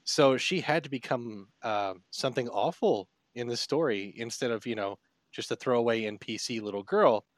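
A man in casual chat, telling a story about his own game mistake in a relaxed, rambling, self-mocking way. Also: mid-range voice, moderate pace, no echo. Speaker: tabletop game master, podcast panelist.

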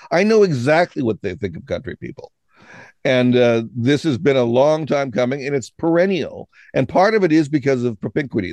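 A man's voice: medium pitch, a little mellow, no echo. A man from Washington State co-hosting a casual political chat, lecturing in a musing way and often starting with "I mean". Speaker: podcast co-host.

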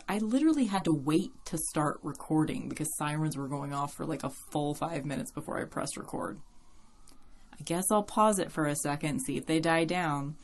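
A woman's voice: deep voice, creaky, a little hiss or hum. A woman hosting a podcast in a casual, rambling chat, laughing often and swearing now and then. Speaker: podcast host.

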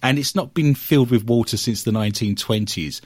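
A man hosting a radio show, recounting a paranormal investigation as an animated storyteller who works through his notes. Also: medium pitch, fairly quick, no room sound. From England.

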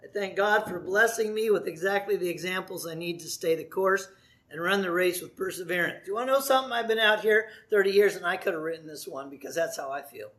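A man's voice: high voice, fast talker, fairly bright tone. A middle-aged man, a pastor, giving church announcements and a sermon in a chatty, jokey way, laughing often. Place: church sanctuary.

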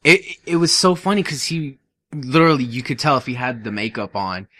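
A man's voice: mid-range voice, animated, brisk, sharp tone, no echo. A man in casual chat, adding amused comments about a movie. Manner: chatty, joins in with amused comments.

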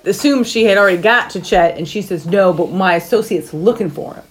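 A woman's voice: mid-range voice, fairly quick, rough recording. Woman on a movie podcast fixing the plot recap, matter-of-fact. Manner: corrects plot details matter-of-factly. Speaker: podcast co-host. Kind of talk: casual movie recap chat.

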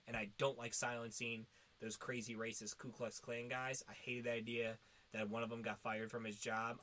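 A man's voice: on the low side, pushed and bright. A man co-hosting a podcast, rambling in casual chat with lots of fillers and swearing. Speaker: podcast co-host.

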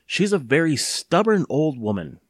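A man reads aloud in a fairly high, sing-song voice at a moderate pace, pitching it above his natural register to play a worried middle-aged father who objects doubtfully. The recording is dry and studio-clean.

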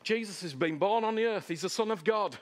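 A man preaching a sermon, repeating phrases and asking the crowd "Huh?", swinging between loud, raised lines and low, hushed ones. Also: fairly quick.

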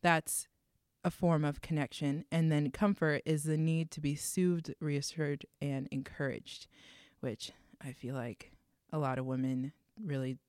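A young woman co-hosting a casual faith discussion, speaking in a smooth radio-style way, measured and reflective as she explains ideas. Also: low-pitched, fairly even intonation, a little mellow, no room sound, clean studio sound. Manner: measured, reflective, defines terms. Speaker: co-host.

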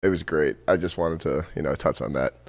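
A man's voice: rumbling low, brisk, vocal fry. A male host chatting casually and easily, laughing and swearing now and then. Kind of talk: casual chat.

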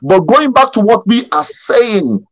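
A male pastor leading a Bible study over a video call, telling a story in an animated way and often stumbling over and repeating his words. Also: high-pitched, measured pace, no echo, rough recording.

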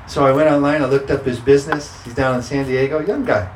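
Pastor, male, mid-pitched, preaching with emphatic repeated declarations; roomy sound, faint ambience. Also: fairly even intonation, fast, slight background noise. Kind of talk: sermon.

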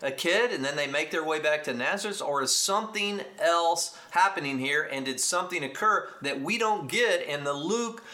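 A man with a Texas accent preaching a sermon, teaching in an animated, emphatic way with frequent restarts and asides to the congregation. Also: on the high side, normal speed, hardly any pauses. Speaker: pastor.

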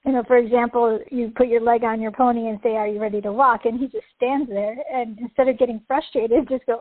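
A woman with a slightly high, husky voice chats easily as an interview guest, laughing now and then and acting out small moments in her stories. The sound is dry and narrow, like a phone call. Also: steady tone, a little fast, hardly any pauses, no room sound. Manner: chatty, laughs often, acts out little scenes. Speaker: guest, riding instructor. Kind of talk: casual interview talk. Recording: thin phone-like call audio.

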